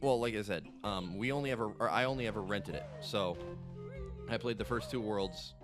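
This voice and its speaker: A man in his late twenties, a gaming co-host playing a game while telling excited, rambling stories and swearing freely. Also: lowish voice, fairly quick. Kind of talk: casual let's-play chat. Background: game music.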